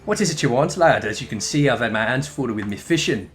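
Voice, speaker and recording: A man voicing a gruff, burly male fisherman in a mock Irish-Australian accent. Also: medium pitch, animated, quick pace, faint music behind, close to an everyday voice.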